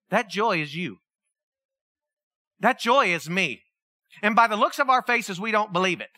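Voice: medium pitch, animated, a little slow, pauses often, pushed and bright, dry recording, studio quality. A preacher, giving a sermon, telling the story vividly and asking the listeners questions. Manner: storytelling, acts out the people in the story; asks the listeners many questions.

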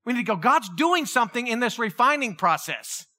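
A man preaching a conversational sermon, acting out quotes in an animated way. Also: very high-pitched, fairly quick. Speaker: pastor.

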